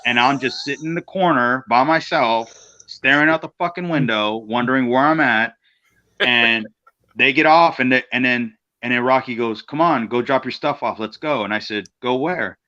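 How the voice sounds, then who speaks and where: A man's voice: medium pitch, moderate pace, bright, forceful tone. Blunt, profane man telling a road story. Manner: profane, blunt, acts out quotes in voices. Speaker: guest wrestler. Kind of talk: casual storytelling on a podcast. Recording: slightly dull lo-fi sound.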